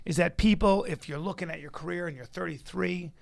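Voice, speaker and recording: A man's voice: high-pitched, a little fast, gravelly, no room sound. A man in his thirties co-hosting a podcast, joking in a blunt, profane way. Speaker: podcast co-host, comedian. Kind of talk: casual podcast chat.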